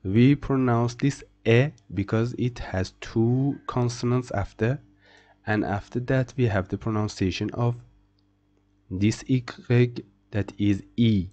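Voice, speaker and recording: A man's voice: mid-range voice, slow, warm tone. A man teaching beginner French pronunciation, saying each word several times and then translating it. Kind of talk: slow beginner pronunciation lesson.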